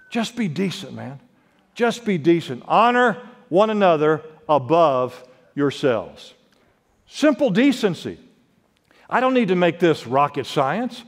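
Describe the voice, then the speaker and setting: A man preaching a sermon as pastor, swinging between loud emphatic lines and quiet drops, quoting scripture. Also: big pitch swings, unhurried. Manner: preaching with sharp swings in pitch and volume, quotes scripture. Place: church sanctuary. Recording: long reverb of a worship hall.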